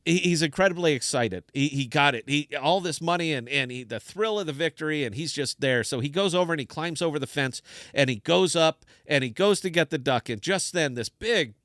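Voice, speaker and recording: A man hosts a casual live podcast, telling a long joke with lots of restarts. His voice is smooth and clear. The sound is dry and close, with no room echo. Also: on the high side, lively intonation, fairly quick, a bit bright. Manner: rambling, with many restarts. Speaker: podcast host.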